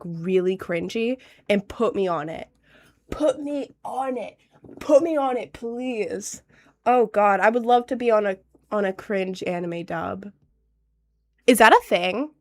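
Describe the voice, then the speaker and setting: A woman in her late teens with a cold, chatting casually on a livestream in a stuffy, slightly nasal voice, bubbly and rambling. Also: mid-range voice. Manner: bubbly, rambling, quick to laugh. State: has a cold. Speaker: streamer.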